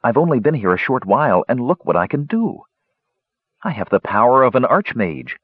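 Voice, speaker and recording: Proud young mage, sneering and power-hungry, put on by a male narrator, lively pitch, dull lo-fi audio. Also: moderate pace, husky, no room sound. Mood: haughty. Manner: sneering, haughty.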